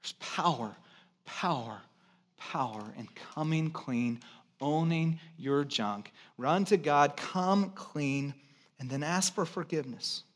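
A pastor delivering an impassioned sermon, repeating phrases for emphasis and swinging between loud, raised passages and hushed, quiet ones. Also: male voice, fairly high pitch. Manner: repeats phrases for emphasis, draws drawn-out quotes.

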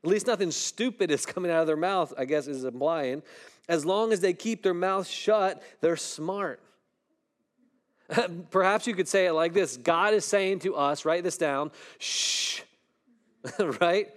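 Man, middle-aged pastor, sermon, slightly high voice, chatty storytelling, drops to hushed tones. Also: unhurried. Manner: conversational, asks the room "right?" often; dramatic storytelling, voice drops low and soft at tense moments.

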